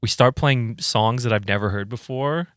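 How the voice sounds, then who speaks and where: A man in mid pitch recounting band mishaps on a podcast, jumping into quoted voices and swearing freely. His voice sits dry and close, with no room sound around it. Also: moderate pace, clear, resonant tone, no echo. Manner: animated storyteller who acts out quotes with lots of swearing. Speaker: band member and podcast co-host. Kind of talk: casual podcast chat.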